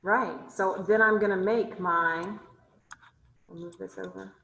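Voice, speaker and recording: A woman's voice: mid-range voice, fairly even intonation, measured pace, gravelly, bright, forceful tone, reverberant, dull audio. Woman teacher quizzing her class online. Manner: asks students questions, thinks aloud while drawing. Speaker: chemistry instructor. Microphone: video call.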